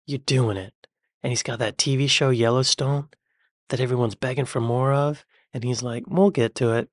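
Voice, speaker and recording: American man, reaction video host, casual musing chat, mid pitch, dry close sound. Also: fairly even intonation, moderate pace, no echo. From United States. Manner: chatty, musing aloud, drops to near-whispers.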